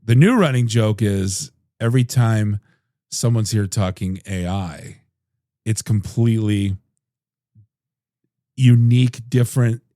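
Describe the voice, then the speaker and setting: A man's voice: lowish voice, slow, pauses often, dark tone, no echo, studio quality. A man hosting a podcast in casual chat, telling rambling, jokey stories full of restarts. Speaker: podcast host.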